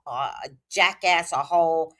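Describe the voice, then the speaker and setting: A woman's voice: deep voice, slow pace, a bit bright. A woman voicing a defensive churchgoing mother, trying an African accent and not doing it well. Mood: bitter. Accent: attempted African.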